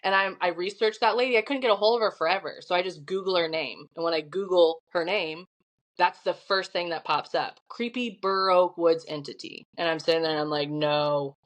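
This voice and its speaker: A middle-aged woman with a Midwestern American accent, a podcast guest telling a story in an animated, chatty way. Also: fairly low pitch, fairly quick. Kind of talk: casual storytelling.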